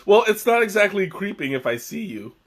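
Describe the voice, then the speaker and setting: A man hosting a casual live-stream tea tasting, chatty and joking, who talks haltingly with many restarts and fillers. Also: high-pitched, big pitch swings. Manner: chatty and joking, often chuckling.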